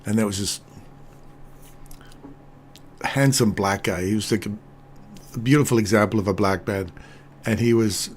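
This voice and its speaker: Chatty older man with a low voice. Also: moderate pace, pauses often, a little hiss or hum. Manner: chatty, laughs often, animated when storytelling. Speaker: trading stream host. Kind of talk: casual live-stream commentary.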